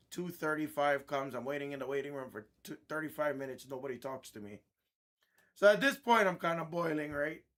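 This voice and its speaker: A man, a host of a card-breaking stream, telling a blunt, irritated story in casual chat, clearing his throat often. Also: fairly high pitch, fairly bright tone.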